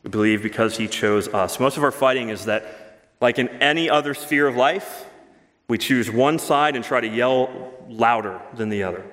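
A male pastor preaching a sermon, earnest and emphatic, rushing through asides and slowing down to stress key words. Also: medium pitch, fairly bright tone. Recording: long hall reverb.

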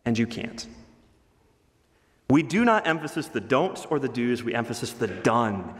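Male pastor, animated sermon delivery in a reverberant sanctuary. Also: unhurried. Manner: emphatic, varies pitch and pace for emphasis. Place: church sanctuary. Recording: reverberant hall.

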